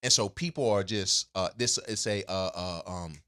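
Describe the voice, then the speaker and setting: Bright-voiced man chatting on a podcast. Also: deep voice, moderate pace, clear, resonant tone. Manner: rambling, with many fillers and restarts; laughs easily, laid-back storytelling. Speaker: podcast co-host. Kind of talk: casual chat.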